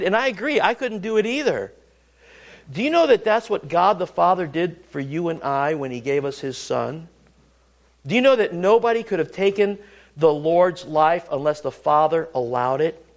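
A man's voice: lively intonation, normal speed. A man preaching a sermon in an earnest way, often repeating and restarting his words. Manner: earnest, repeats and restarts words, rises and drops pitch for emphasis.

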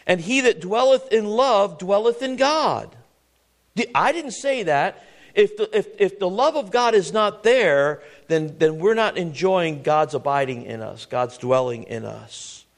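A male preacher with a high-pitched voice that swings widely in pitch. He reads the verses slowly and deliberately, then rises to loud, emphatic exhortation. He keeps a conversational tone, with rhetorical questions. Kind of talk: sermon.

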